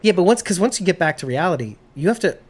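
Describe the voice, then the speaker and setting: Woman, podcast co-host, low voice, lively swings, casual jokey chat. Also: fast talker, husky. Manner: animated, laughs often, jokey rants.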